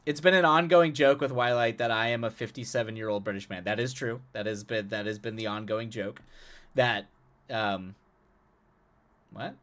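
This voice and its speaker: A man of ordinary pitch hosting a live stream and chatting easily with his viewers. His talk is loose and conversational, with frequent laughter. He often repeats words and restarts his sentences as he thinks aloud. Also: steady tone, moderate pace, a bit bright. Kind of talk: casual chat with stream viewers.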